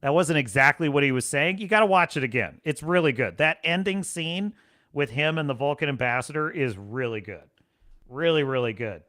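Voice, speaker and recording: Guy hosting his stream, rambly and laughy, voice kinda high and bright. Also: brisk. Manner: animated, rambling, laughs often. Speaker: livestream show host. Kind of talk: casual livestream chat.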